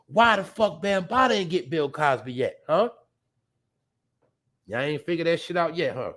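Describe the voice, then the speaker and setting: Blunt ranting man, high-ish voice. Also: lively intonation, normal speed, long pauses. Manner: blunt ranting, addresses viewers directly; swings between loud outbursts and low mutters. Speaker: podcast host. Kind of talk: casual profane commentary.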